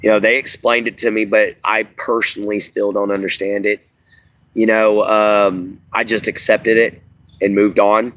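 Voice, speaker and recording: A man's voice: on the low side, little pitch movement, moderate pace, a bit bright. A man hosting a casual live stream, rambling to his viewers with lots of fillers. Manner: rambling, filler-heavy, talks to chat. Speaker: livestream host. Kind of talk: casual livestream chat.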